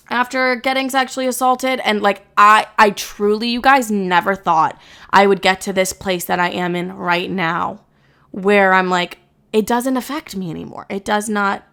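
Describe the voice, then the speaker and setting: Bright-voiced blunt young woman podcaster. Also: medium pitch. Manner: candid, blunt, swears freely. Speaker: podcast host. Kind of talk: casual solo podcast talk.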